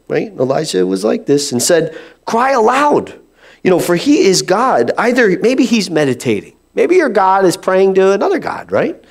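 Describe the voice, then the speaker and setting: Gravelly-voiced male pastor preaching. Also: fairly high pitch. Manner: animated, conversational preaching with playful mock voices. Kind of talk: sermon.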